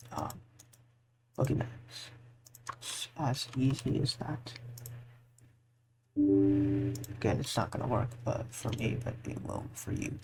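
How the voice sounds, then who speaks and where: A man's voice: mid-range voice, creaky, a little mellow, a little hiss or hum. A tired man giving a casual, rambling screen-recorded tutorial, full of fillers and restarts. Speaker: modding tutorial maker.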